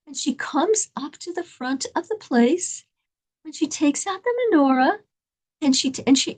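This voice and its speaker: A woman telling an inspirational story in an animated, dramatic way, laughing between lines. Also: high voice, moderate pace.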